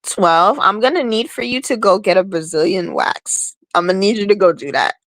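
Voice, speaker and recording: A woman's voice: mid-range voice, normal speed, fairly bright tone. Woman co-host with a teasing, wry delivery in casual banter. The sound is dry, with no room echo. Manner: teasing, wry, prodding questions. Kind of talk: casual chat.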